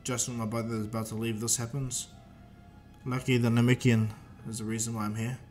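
A man's voice: medium pitch, level tone, fairly quick, a little mellow, soft background music, natural voice. A man voicing a proud, scornful adult warrior prince in a fan-made story narration. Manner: scornful, blunt.

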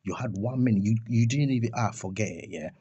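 A young man delivers a heated vlog rant, scornful and full of rhetorical questions and insults. His voice sits low and sounds a little husky. It is recorded dry and close, with no room sound around it. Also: fast talker, warm tone, dry recording, lo-fi sound. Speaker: commentator on a music feud.

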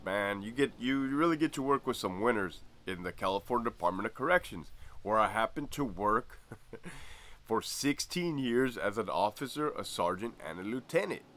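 With a mid-range voice that's pushed and bright, a former corrections lieutenant in his forties tells stories casually on his channel. He chuckles frequently and keeps asking "right?" in this laid-back vlog.

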